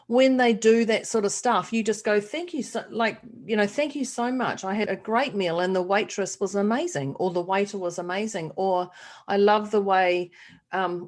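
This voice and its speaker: A middle-aged woman co-hosting a casual podcast chat, animated and laughing often as she acts out quoted voices. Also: mid-range voice. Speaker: podcast co-host.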